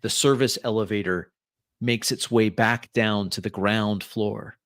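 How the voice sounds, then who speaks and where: A man running a tabletop game, narrating at an unhurried, measured pace. His voice sits at a middle pitch and sounds dry and close to the mic. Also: fairly even intonation, a bit bright, no room sound. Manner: slow, deliberate narration with restarts. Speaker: game master.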